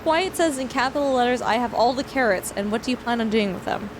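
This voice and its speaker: A young woman from Canada chats casually with her stream audience while she plays a farming game. Her voice sits high, and she is self-deprecating and keeps thanking viewers. A clear hiss of noise runs under the mic. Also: expressive, fast. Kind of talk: casual livestream chat while gaming.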